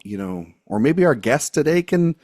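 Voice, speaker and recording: A man's voice: on the high side, sing-song, moderate pace, darkish tone, dry recording, clean studio sound. A man hosting a podcast in casual, joking chat, rambling and laughing often. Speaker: podcast host.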